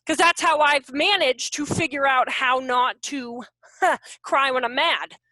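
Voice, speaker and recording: A woman in her forties, a behavior consultant, giving an animated, jokey online workshop talk over a video call. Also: high voice, slow pace, no echo. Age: 40s. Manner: animated, self-deprecating, jokey.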